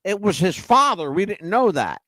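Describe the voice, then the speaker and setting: Lively, teasing male host. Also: sits high, moderate pace, dry recording. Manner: animated, teasing, playful. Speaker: show host. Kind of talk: casual chat.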